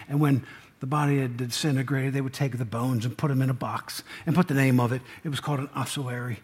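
A man's voice: mid-range voice, darkish tone, husky. A man, preaching a folksy sermon and asking the congregation questions. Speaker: pastor.

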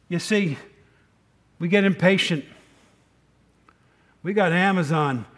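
Chatty male pastor, slightly high voice. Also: slow, long pauses, fairly bright tone. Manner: conversational, asks the congregation questions; rambling, with asides. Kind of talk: sermon.

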